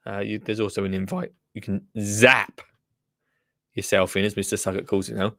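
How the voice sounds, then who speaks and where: A man's voice: on the low side, little pitch movement, moderate pace, creaky, sharp tone, no room sound, studio quality. A man hosting a live call-in show, chatty and jokey, greeting viewers by name. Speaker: host.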